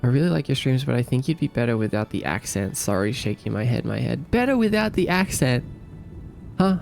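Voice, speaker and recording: A young Australian man hosts a casual livestream, reading chat messages out loud and bantering back with light jokes. His mid-pitched voice has a gravelly, fried edge, and soft music plays faintly behind him. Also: fast. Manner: playful and easygoing, answers chat with light joking.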